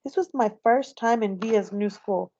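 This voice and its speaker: A woman teacher reading a novel aloud to her class in a gentle, unhurried storytelling manner. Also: mid-range voice. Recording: slightly dull, dry recording.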